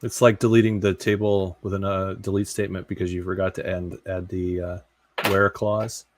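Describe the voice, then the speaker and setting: Low-voiced joking man on a podcast. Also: level tone, normal speed, dry recording. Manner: joking, rambling, thinks aloud. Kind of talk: casual tech podcast chat.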